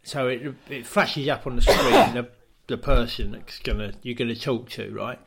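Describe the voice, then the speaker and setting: A man's voice: medium pitch, moderate pace, very noisy. A man co-hosting a comedy podcast, telling a rambling improvised story full of "I says" and "right?".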